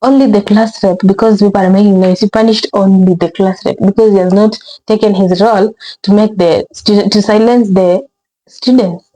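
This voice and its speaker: A woman's voice: mid-range voice, fairly even intonation, moderate pace, dark tone, low-quality recording. A woman hosting a reaction video, talking casually and rambling, with exasperated asides. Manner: rambling, exasperated, repeats words, says bruh.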